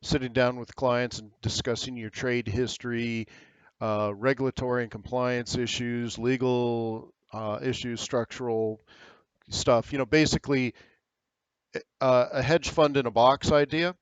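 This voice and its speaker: A man's voice: mid-range voice, fairly even intonation, unhurried, smooth, dry recording. An American man hosting a live trading webinar, giving casual, rambling market commentary with frequent fillers.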